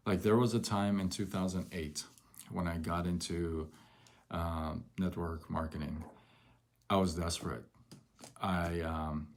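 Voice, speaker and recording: A man's voice: low-pitched, a little hiss or hum. A man hosting a live motivational talk as a network marketing coach, emphatic and repeating lines for effect.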